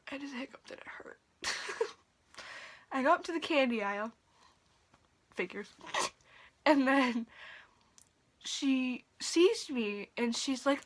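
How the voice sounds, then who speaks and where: A young woman telling a story in a casual vlog from her bedroom at night, profane and animated, sometimes dropping to a whisper. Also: fairly high pitch, takes it slowly, pauses often. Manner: drops to a whisper at times. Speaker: vlogger.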